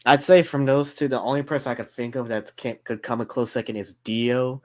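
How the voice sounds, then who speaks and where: A man chatting casually with a friend on a stream, relaxed and steering the talk back on topic. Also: mid-range voice, a little fast. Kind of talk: casual chat.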